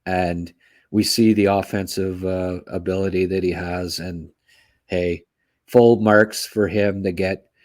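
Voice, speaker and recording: A man co-hosting a hockey podcast, talking in a halting way with many fillers and restarts. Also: sits low, level tone, a little mellow. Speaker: podcast co-host. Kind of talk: casual sports podcast chat.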